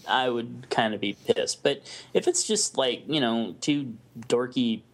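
A man's voice: mid-range voice, expressive, a little slow, creaky. A man on a casual comedy podcast, musing aloud and hedging with fillers.

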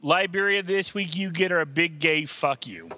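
A man's voice: on the high side, normal speed, bright, forceful tone, muffled recording. A man guest-hosting a comedy podcast, handing out the stories and joking cheekily with his co-hosts. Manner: cheeky, laughs easily, directs the show. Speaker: guest host. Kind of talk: casual comedic chat.

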